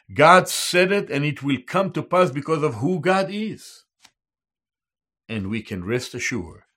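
A man with a fairly high, somewhat bright voice preaches a sermon as a Bible teacher. He speaks slowly and emphatically, repeating each key term in both Hebrew and English.

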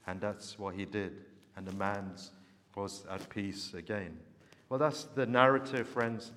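A man preaching a sermon, telling a story in an earnest, unhurried way. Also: low voice, steady tone, a bit bright, in a large hall.

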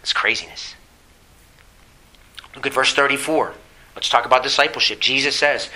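A middle-aged man preaching a sermon, asking the congregation questions and slowing down on key phrases. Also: mid-range voice, pushed and bright, low-quality recording. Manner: preaching with rhetorical questions and emphatic slow phrases. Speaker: pastor.

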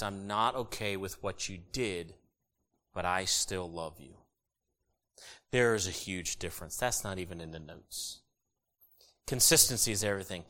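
Animated preacher man with a bright voice. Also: fairly low pitch. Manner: animated, jokey, sudden loud bursts. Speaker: pastor. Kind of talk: sermon.

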